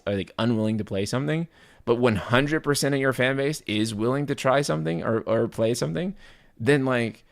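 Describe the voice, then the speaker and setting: A man live streaming, chatting casually with his viewers, rambling and often restarting his sentences. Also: mid-range voice. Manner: casual, swears, talks to chat.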